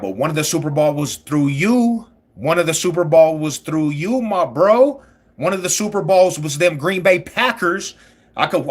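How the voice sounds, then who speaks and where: A man hosting a live stream, talking loud, boastful trash about sports rivals in slangy banter. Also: fairly high pitch.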